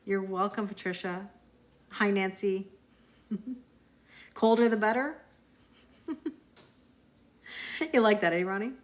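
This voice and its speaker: A woman's voice: medium pitch, steady tone, slow, long pauses. A woman hosting a tarot live stream, chatting casually with viewers, answering their comments and laughing often. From Canada.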